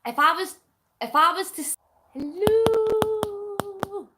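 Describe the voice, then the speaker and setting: A woman's voice: extremely high pitch, fairly quick, heavy background noise. A Scottish woman from Scotland, a vlogger chatting casually with her viewers, explaining things playfully and giggling often. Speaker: vlogger reading viewer comments.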